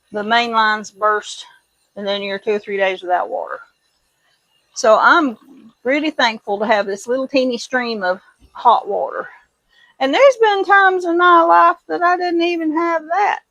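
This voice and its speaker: Doing dishes in her home kitchen, a middle-aged homesteading vlogger chats casually and tells folksy, meandering stories, her Midwestern accent drifting into Kentucky twang. Her voice is fairly high and a bit bright, and the lo-fi audio has no echo.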